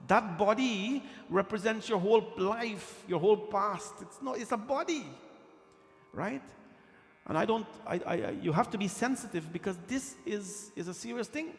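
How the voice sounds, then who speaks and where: A man's voice: high-pitched, animated, moderate pace. A man preaching a devotional sermon in a temple, repeating phrases for emphasis. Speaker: pandit leading a katha. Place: temple hall. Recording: long reverb of a hall, with music.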